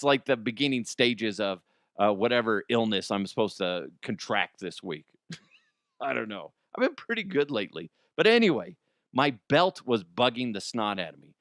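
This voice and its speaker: A man's voice: mid-range voice, a bit bright, no echo, studio quality. A middle-aged man hosting a comedy news show, rambling and joking. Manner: rambling, joking, laughs often. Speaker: podcast host.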